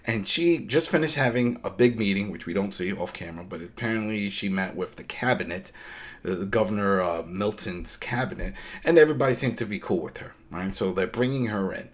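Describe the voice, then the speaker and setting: A man's voice: fairly low pitch, a little fast. A man co-hosting a podcast, casually recapping a TV episode and animatedly acting out the characters' exchanges. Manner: animated, acts out characters' exchanges in quoted voices.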